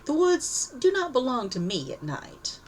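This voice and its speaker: A woman's voice: sits high, sing-song, distant mic, slight background noise, pitched above the performer's own voice. A woman doing a thoughtful old man. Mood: warning. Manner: measured, advising.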